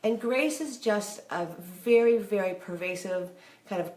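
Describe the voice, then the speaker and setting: A middle-aged woman talks straight to camera in a candid, conversational way, acting out snatches of remembered arguments as she goes. Her voice sits at a middling pitch, and the room around her is noticeably echoey. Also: a little slow, darkish tone. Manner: chatty, candid, acts out remembered dialogue. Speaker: marriage advice host. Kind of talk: casual talk to camera.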